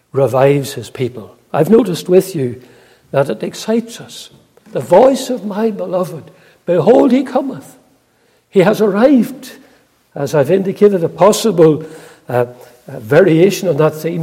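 An older man preaching a sermon in a church, earnest and unhurried, with frequent hesitant pauses. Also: on the high side, mellow, breathy edge. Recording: long reverb in a large hall.

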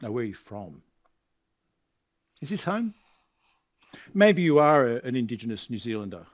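A man's voice: mid-range voice, very animated, normal speed. A middle-aged man from Australia preaching a sermon in a chatty way, asking his congregation rhetorical questions. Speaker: visiting preacher. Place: church congregation.

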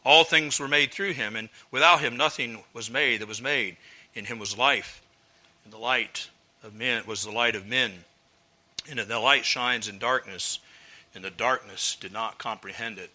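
Male preacher, bright forceful tone, earnest teacher, poses rhetorical questions. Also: mid-range voice, normal speed. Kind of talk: expository sermon.

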